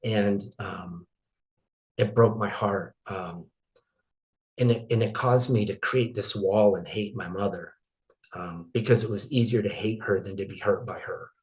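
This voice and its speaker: A middle-aged man from Maine telling a painful personal story as an interview guest, halting and emotional, with many restarts. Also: fairly low pitch.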